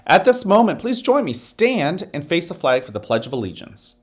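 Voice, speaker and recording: A man, a school principal, gives the morning announcements to children. He leads a slow guided breathing exercise, then speaks in an upbeat, encouraging way. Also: on the high side, big pitch swings. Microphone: office microphone.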